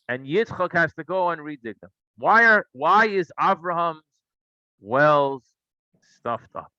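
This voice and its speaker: A man's voice: medium pitch, dry recording, lo-fi sound. A man teaching a Torah class, telling stories and asking rhetorical questions. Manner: animated storytelling, asks rhetorical questions.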